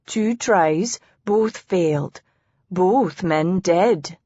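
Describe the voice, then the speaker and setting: A big, gruff tracker with a Welsh accent, blunt and clipped, as a woman narrator puts him on. The lines come slowly and rather low, in a dry, dull recording. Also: mellow, no echo, exaggerated voice.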